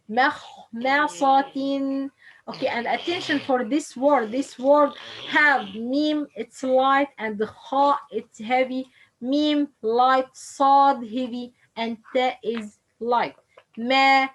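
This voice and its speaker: A woman's voice: on the high side, rough recording. A woman whose first language is Arabic, teaching pronunciation in English, drilling and repeating each sound for the learner. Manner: slow, repeats letters and words for drilling, non-native English grammar. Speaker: Quran recitation teacher. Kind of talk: tajweed pronunciation lesson.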